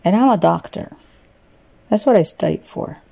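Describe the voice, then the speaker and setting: An indignant young man stuck mopping floors grumbles about his job, as a woman voices him. The voice is husky and dark, with a gravelly edge. It is a game character voiced over gameplay. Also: lowish voice, expressive, normal speed, full character voice. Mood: complaining. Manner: indignant complaining. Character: frustrated young male intern who wants doctoring.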